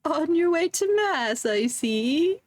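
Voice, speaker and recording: A woman voicing a kindly tiny old village granny who sells bread, in a sweet, fussing, drawn-out lilt. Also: high voice, animated, no echo, voice pushed up. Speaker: streamer voicing game dialogue.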